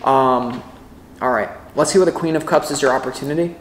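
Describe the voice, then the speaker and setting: A man giving a casual tarot reading to camera, excitable and rambling, often breaking off mid-thought. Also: mid-range voice, fairly quick, echoey room, a little hiss or hum. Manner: rambling, excitable, self-interrupting. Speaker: tarot reader.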